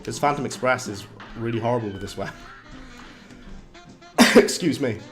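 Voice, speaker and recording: Brit guy streaming a game, bit hoarse, chatty, laughs a lot, faint music behind. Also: mid-range voice, normal speed. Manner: chatty, reads chat aloud, laughs often. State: slightly hoarse. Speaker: livestreaming gamer. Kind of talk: casual live-stream commentary.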